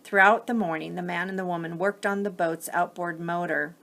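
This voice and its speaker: A woman gently and expressively reading a children's picture book aloud. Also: lowish voice, fairly even intonation, fairly quick, gravelly. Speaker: storyteller.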